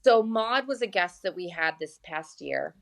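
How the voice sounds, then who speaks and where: A woman's voice: lowish voice, animated, normal speed, gravelly, a bit bright. A woman who owns a glamping site, chatting in an interview and telling stories with many restarts. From Michigan, USA. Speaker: glamping site owner, guest. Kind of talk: casual interview chat.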